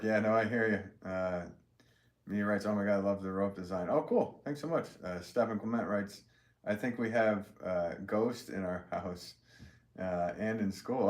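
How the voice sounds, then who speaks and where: A middle-aged man hosting a live pottery stream, rambling in a friendly way and reading viewers' comments aloud as he shows his pots. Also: lowish voice. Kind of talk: casual live-stream chat and demonstration.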